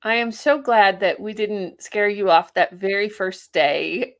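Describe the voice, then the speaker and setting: A woman's voice: mid-range voice, a little slow. A woman hosting an interview, affirming her guest and laughing often. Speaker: host. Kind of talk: interview conversation.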